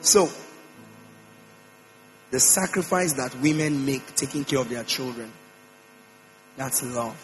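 A man preaching a sermon in a church, emphatic, repeating phrases and swinging his pitch up and down. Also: low-quality recording. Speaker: pastor. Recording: mains hum with faint music behind.

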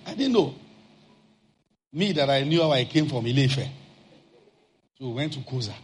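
A man preaching, telling a personal story in an animated way and acting out shouted outbursts. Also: a little high, unhurried, pauses often.

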